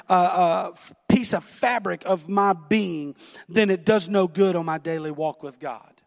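A middle-aged man with a Southern American accent preaching a sermon, telling a story about himself with self-deprecating laughter. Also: high-pitched. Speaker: pastor. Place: church sanctuary. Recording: long hall reverb.

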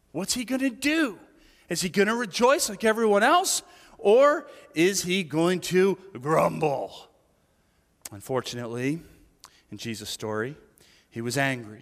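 A man preaching a sermon as a pastor, telling the story with animated swings from loud, high cries to hushed whispered asides. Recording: reverberant hall.

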